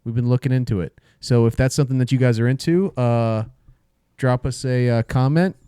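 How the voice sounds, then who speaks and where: A man's voice: mid-range voice, steady tone, a little fast, dark tone, clear, resonant tone, no echo, studio quality. A man co-hosting a casual podcast, cracking blunt jokes and running through show plugs full of "uh" and "um". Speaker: podcast co-host. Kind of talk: casual chat.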